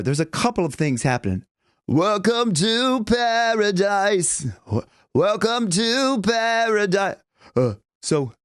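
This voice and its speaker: A male vocal coach explains technique with a fairly high speaking voice. He talks in loose, halting restarts and takes audible breaths as he demonstrates. The recording is close and dry, with no room around it. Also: no room sound. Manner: loose, demonstrating, breathy gasps between points.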